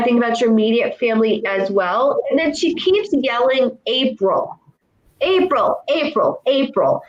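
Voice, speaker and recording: Woman, clairvoyant, earnest and repetitive, fairly high voice, dull lo-fi sound. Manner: earnest, repetitive, relays quotes from the dead. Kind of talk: giving a psychic reading.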